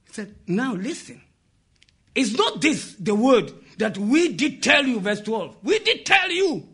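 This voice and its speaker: A man preaching an impassioned sermon, often shouting and putting questions to the congregation. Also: high-pitched, big pitch swings, unhurried, slightly rough.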